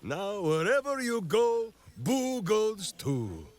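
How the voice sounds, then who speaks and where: In this video game dialogue, an actor voices a boisterous, grandiose warrior-ranger who boasts and refers to himself in the third person. The male voice is high-pitched and very animated, delivered slowly and heavily acted, with faint game music behind it.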